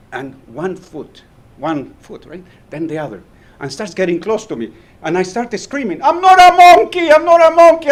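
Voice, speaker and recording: A man's voice: sits high, slightly rough. A man giving a humorous speech at a club meeting. He tells his story with animation, laughs often and acts it out. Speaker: club speaker.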